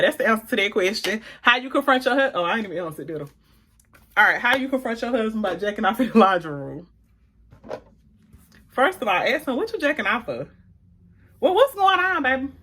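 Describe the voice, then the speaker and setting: Bright, sassy woman vlogger. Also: lively intonation, a little fast, long pauses, a little hiss or hum. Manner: sassy, playful, swings into high exclamations. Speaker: beauty vlogger answering viewer questions. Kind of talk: casual chat.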